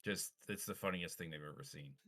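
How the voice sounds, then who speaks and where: A man runs a tabletop game, narrating in a relaxed, chuckling way. His voice is deep yet bright and clear, and he often restarts his sentences. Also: fairly quick. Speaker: game master.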